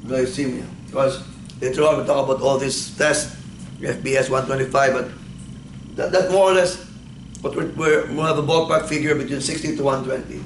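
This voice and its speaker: A male instructor lectures a class, repeatedly asking questions and then answering them himself. His medium-pitched voice is steady and a little fast, recorded in an echoey classroom with faint background noise.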